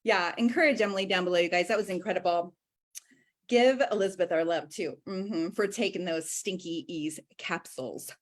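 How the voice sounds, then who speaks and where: A woman in her thirties hosting a livestream, gushing and excitable as she talks to her viewers. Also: lowish voice, moderate pace. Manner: gushing, excitable, addresses viewers as you guys. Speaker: host.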